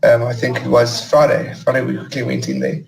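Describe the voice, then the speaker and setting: A man's voice: medium pitch, level tone, fairly quick, vocal fry, a little hiss or hum. South African man on a roomy call. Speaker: guest, plumbing business partner. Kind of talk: casual interview chat.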